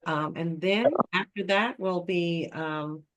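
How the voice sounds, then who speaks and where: A woman's voice: on the low side, takes it slowly. A woman facilitating an online meeting, speaking with many ums and easy laughter. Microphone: video call.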